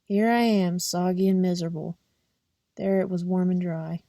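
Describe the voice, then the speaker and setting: A young woman reading a novel aloud in a steady, plain first-person narration. Her voice is mellow and soft-edged. The recording is close and dry, with no room sound. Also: on the low side, normal speed, no room sound. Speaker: audiobook reader. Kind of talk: audiobook narration.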